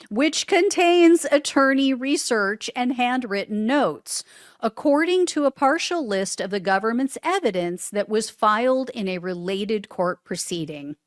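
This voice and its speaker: On her solo political show, a woman whose voice is on the high side quotes news stories and answers each one with sarcastic ridicule. The sound is clean studio quality without echo.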